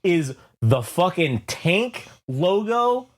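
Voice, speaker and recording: Animated man spinning a rambling tale. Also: high-pitched, very slow. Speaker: podcast co-host. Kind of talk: casual comedic storytelling.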